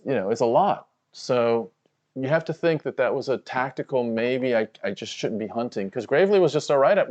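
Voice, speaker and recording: A man's voice: medium pitch, a little mellow. A man co-hosting a live fight watch-along stream, giving casual, profane, analytical commentary full of "you know" fillers.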